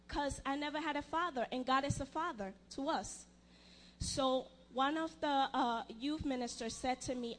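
A young woman giving a personal testimony in church, earnest and halting, often restarting her sentences. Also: high voice.

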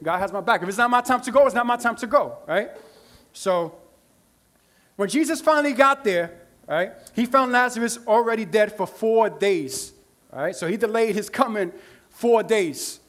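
A man's voice: sits high, fairly bright tone. A man pastor preaching a conversational sermon, acting out the voices in the stories he tells and checking in with "right?".

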